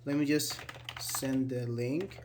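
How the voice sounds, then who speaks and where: A man's voice: mid-range voice, steady tone, slow pace, darkish tone, a little hiss or hum. A man teaching an online English grammar class, explaining patiently, repeating key words and asking students questions, with many fillers like "actually".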